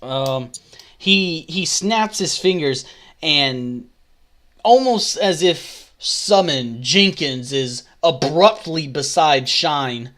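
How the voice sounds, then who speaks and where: A man narrating as dungeon master in a halting, hesitant way. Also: on the high side, expressive, a bit bright. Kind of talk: narrating a tabletop game.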